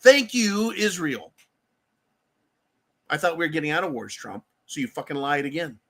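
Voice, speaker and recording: A man's voice: fairly high pitch, lively intonation, normal speed, a bit bright. A man delivering an angry, profane and sarcastic political rant as commentator.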